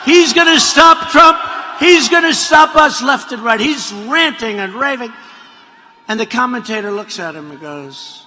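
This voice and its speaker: A man gives a rally speech in a bright, forcefully projected, fairly high voice. He rambles, mocks and repeats himself, sometimes bursting into shouts. His voice rings with long arena reverb over a faint crowd hum. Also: lively intonation, measured pace. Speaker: politician addressing a rally. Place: large rally venue.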